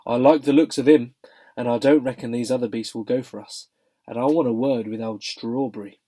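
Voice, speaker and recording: A man voicing a blunt, working-class London cab driver who talks plainly and loudly. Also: medium pitch, fairly even intonation, brisk, close to an everyday voice. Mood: earnest. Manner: blunt, chatty, dropped grammar.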